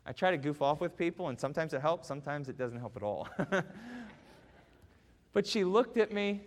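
A male pastor preaching a sermon, swinging from quiet, hushed lines to loud, impassioned peaks. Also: fairly high pitch, expressive, moderate pace, a little hiss or hum. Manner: rises to loud impassioned preaching, then drops soft. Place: church sanctuary. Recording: long church hall reverb.

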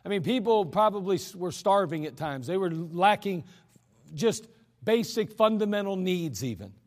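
A man's voice: high voice, animated, normal speed. A male pastor preaching a sermon in a folksy, emphatic way, with chuckling asides, in a church sanctuary. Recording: long hall reverb.

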